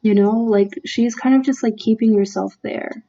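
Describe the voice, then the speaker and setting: A woman's voice: a little high, fairly even intonation, normal speed, dark tone, lo-fi sound. A woman giving a casual, heartfelt tarot reading, earnest and emotional, talking with many fillers and restarts. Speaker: tarot reader.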